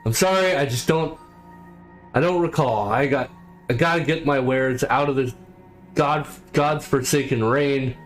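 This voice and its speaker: Nervous tired merchant, slightly raised pitch, played by a man. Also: unhurried, soft background music, close to an everyday voice. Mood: pleading. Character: weary middle-aged male merchant, nervous.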